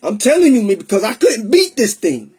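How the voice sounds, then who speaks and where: Husky-voiced man telling his testimony. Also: high voice, very animated, a little fast, a little mellow. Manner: emotional, streetwise, mixes Spanish into English. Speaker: testimony speaker. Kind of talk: personal testimony storytelling.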